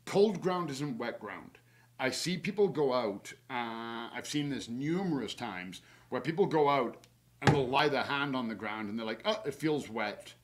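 In a laid-back instructional webinar, a male horticulturist walks through spring garden care at a normal speed and an ordinary middle pitch. He's chatty and rambles a bit, dropping lots of "uh" and "um," laughing at his own slips, and sharing practical tips from his own yard. A faint hiss or hum sits under the recording.

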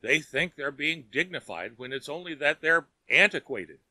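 A man's voice: on the high side, lively intonation, moderate pace, sharp tone, no room sound, full character voice. A man voicing an earnest, eager young woman in an audiobook reading, raising his voice to plead.

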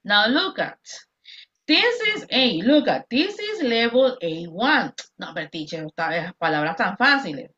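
Bilingual woman teacher drilling pronunciation on a video call; bright, slightly high voice, dull lo-fi sound. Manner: drills words slowly, switches between English and Spanish. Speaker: English teacher. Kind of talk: online class instruction.

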